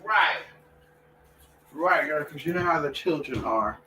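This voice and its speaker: A bright, high-voiced man hosting a live stream, sassy and outspoken, his pitch swooping all over as he swears freely. He keeps stopping to talk to his dogs, with a faint hiss of noise behind him. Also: animated, unhurried. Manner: talks to his dogs between comments. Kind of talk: casual live-stream chat.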